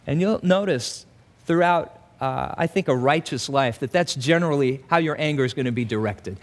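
A male pastor preaching an expository sermon in an animated way, acting out quoted asides in voices. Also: medium pitch, normal speed.

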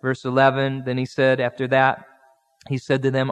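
A male pastor gives a conversational expository sermon in a mid-range, level voice, speaking a little fast. He acts out the people in the Bible story in everyday speech, and the recording carries a long hall reverb.

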